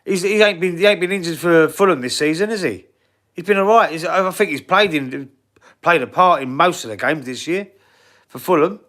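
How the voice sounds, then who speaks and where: Fronting a relaxed football live stream, this Englishman speaks with a London Cockney accent and responds to the chat in a blunt, freely profane way. His voice sits on the high side with a fairly bright tone.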